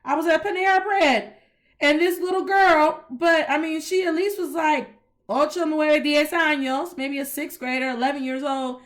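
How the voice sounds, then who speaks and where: A woman's voice: high voice, a bit bright. A woman hosting a casual Spanish lesson, chatty and informal, switching between English and Spanish and spelling words out letter by letter. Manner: informal colloquial speech with "y'all". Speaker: Spanish teacher and host. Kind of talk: casual teaching monologue.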